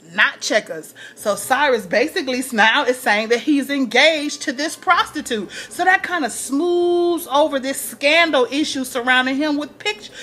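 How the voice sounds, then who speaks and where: Lady chatting thru a tv recap, kinda high voice, acts out lines, laughs a lot. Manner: animated, acts out quotes in a higher voice, laughs often. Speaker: TV recap vlogger. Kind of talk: casual episode recap.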